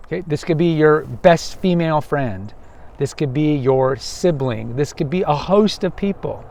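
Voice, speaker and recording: A man's voice: a little high, lively intonation, measured pace, creaky, a little mellow, slight background noise. Texan guy rambling on a walk outside, emphatic, keeps restarting, acts out other people now and then. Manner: emphatic, self-correcting, acts out quoted voices. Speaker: podcast host. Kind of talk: outdoor monologue. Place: outdoors on a waterfront path.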